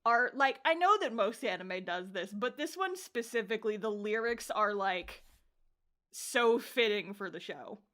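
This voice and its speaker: A young woman co-hosting a podcast, casually recapping an anime episode with animated storytelling, acting out characters' lines, laughing and swearing. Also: medium pitch, measured pace. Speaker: podcast co-host reviewing anime.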